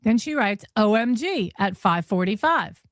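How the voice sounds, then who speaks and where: A woman's voice: mid-range voice, expressive, unhurried, no echo, studio quality. A woman host reading text messages aloud and reacting with disbelief and laughter. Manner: incredulous, laughing. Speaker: commentary host. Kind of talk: reading texts aloud with commentary.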